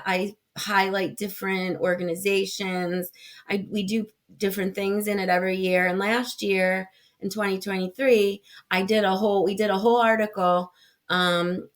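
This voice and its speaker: Earnest woman, podcast guest. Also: mid-range voice. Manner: earnest, explains in detail with many fillers and restarts. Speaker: executive director of a foundation, podcast guest. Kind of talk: casual interview conversation.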